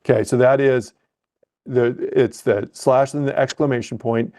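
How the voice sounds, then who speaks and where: A man coaching a live webcast lesson, thinking aloud and correcting himself as he clicks through trading software. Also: mid-range voice, fairly even intonation, measured pace.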